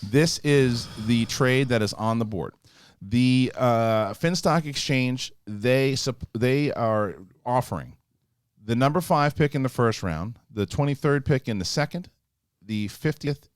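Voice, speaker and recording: A man's voice: mid-range voice, unhurried, smooth, no room sound, clean studio sound. A man hosting a live panel show, announcing news and joking with his guests. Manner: animated, announcing, laughs often. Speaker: host.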